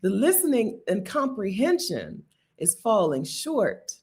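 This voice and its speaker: A woman's voice: mid-range voice, huge pitch swings, measured pace, a little mellow. A woman hosting a casual livestream, chatty and playful, laughing often and answering viewer comments. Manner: chatty with many asides and restarts. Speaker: livestream host.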